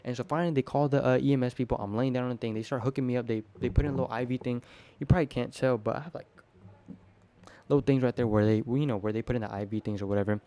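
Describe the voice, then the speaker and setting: A teen vlogger rambles casually to the camera, telling his story at a quick clip, loaded with slang and swearing. His medium-pitched voice is warm and dark, and he stays loose and animated, hopping from one point to the next.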